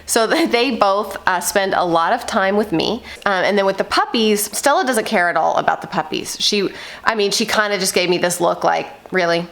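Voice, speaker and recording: A woman in her thirties chatting casually to the camera at home, rambling with lots of fillers, her voice a little hoarse and nasal from a coming cold. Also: mid-range voice, normal speed, fairly bright tone. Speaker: vlogger, mother of eight. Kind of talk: casual vlog chat. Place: at home indoors.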